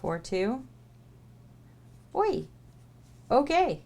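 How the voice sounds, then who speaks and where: A woman's voice: sits high, big pitch swings, very slow, vocal fry, warm tone. A woman hosting a live stream, chatting playfully and reading a booklet aloud. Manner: playful, jokey, laughs often. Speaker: livestream host.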